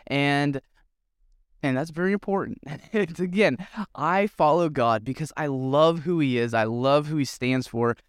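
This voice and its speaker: A man's voice: fairly high pitch, a little slow, clean tone, dry recording, clean studio sound. A young man and youth pastor, telling a story in an earnest, rambling way with many fillers. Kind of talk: casual storytelling vlog.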